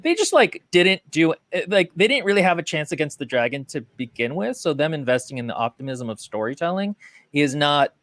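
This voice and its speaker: A man's voice: on the high side, big pitch swings, fairly quick, fairly bright tone, no room sound. A man co-hosting a casual book podcast, analytical and talking in long winding sentences. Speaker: podcast co-host.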